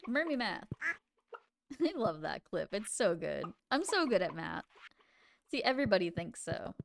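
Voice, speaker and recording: A woman with a creaky, medium-pitched voice and big pitch swings streams a farming game live, unhurried, with game music in the background. She giggles, chats playfully, and talks to herself as she plays.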